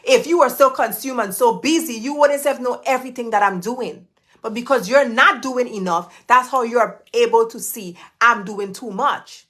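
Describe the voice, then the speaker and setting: A woman's voice: a little high, normal speed, fairly bright tone. An emphatic woman coaches her live viewers in a preachy, motivational way. She hammers her points home by saying them twice, sometimes three times. She talks straight to the audience as their business coach. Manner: emphatic, repeats key phrases, preachy.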